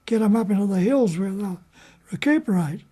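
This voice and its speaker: An older man with an Australian accent, remembering in an interview and talking in a halting way with many pauses and fillers. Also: sits high, animated, dark tone. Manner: unhurried, halting, with frequent fillers. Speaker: war veteran interviewee. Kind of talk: reminiscing in an interview.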